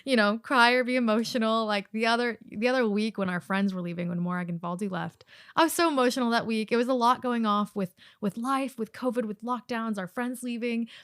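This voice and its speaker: Smooth-voiced woman podcast co-host. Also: fairly high pitch, a little fast, a bit bright, dry recording, studio quality. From United States. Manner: emotional, laughs often, many fillers. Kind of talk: casual chat.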